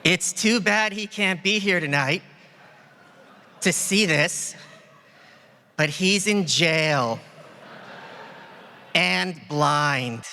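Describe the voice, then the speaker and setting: Man doing a wisecracking puppet dummy, ventriloquist act, high voice, slow mocking delivery, bright tone, long hall reverb. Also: creaky, slight background noise, exaggerated voice. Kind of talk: ventriloquist stage comedy. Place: large event hall on stage. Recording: reverberant hall, faint ambience.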